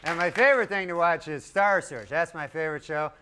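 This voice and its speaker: A man doing a stand-up comedy set, talking in a drawling, deadpan way with rambling asides. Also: a little high, a little fast. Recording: live club set with loud crowd and noise. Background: audience laughter.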